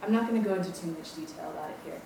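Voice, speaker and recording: A woman's voice: low voice, racing, vocal fry. Young woman giving testimony in echoey room. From Maui, Hawaii. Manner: chatty, self-deprecating, many ums. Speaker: campus ministry staff speaker. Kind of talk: personal testimony talk. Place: lecture room. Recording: echoey room, distant mic, background noise.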